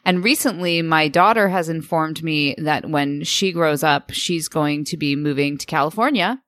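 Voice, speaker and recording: A woman from the United States with a notably low voice co-hosts a podcast in relaxed chat. She tells stories with lively, expressive turns. The recording is dry and close. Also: moderate pace, few pauses, no echo. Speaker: podcast co-host.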